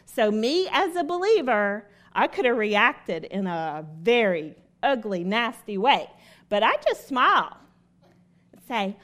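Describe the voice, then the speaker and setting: A woman's voice: fairly high pitch, sing-song, slow pace, a bit bright. A woman giving a devotional talk. She tells a personal story, stresses her points through repetition, and asks her listeners questions. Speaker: lay speaker at a devotional.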